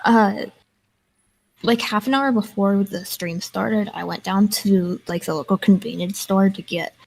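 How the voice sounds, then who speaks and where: Young woman, gravelly edge, rambling casual storyteller on a gaming stream. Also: medium pitch, fairly even intonation, a little slow, a little hiss or hum, rough recording. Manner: chatty storyteller, many fillers. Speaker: guest streamer and artist. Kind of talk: casual chat while gaming.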